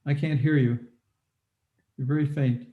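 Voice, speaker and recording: A man with a slightly high voice speaks over a video call from an echoey room. He sounds polite and patient, stopping often to check whether the others can hear him. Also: fairly even intonation, a little slow, narrow, tinny audio. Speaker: webinar presenter. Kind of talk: live video call talk.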